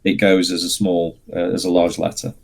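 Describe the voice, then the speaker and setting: Gravelly man explaining patiently. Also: low-pitched, completely flat delivery, darkish tone. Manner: explains patiently, halting with fillers. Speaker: guest, miniature sculptor and painter. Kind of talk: casual interview chat.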